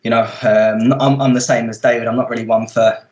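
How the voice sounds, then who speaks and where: A man from England, a guest on a football podcast, speaking in a relaxed way with lots of ums. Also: mid-range voice, a little fast, lo-fi sound. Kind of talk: casual football podcast chat.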